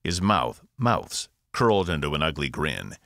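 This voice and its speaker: Male author-narrator, deep voice, very expressive pitch. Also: measured pace, vocal fry, no room sound, clean studio sound. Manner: expressive, varied delivery. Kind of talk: scripted narration.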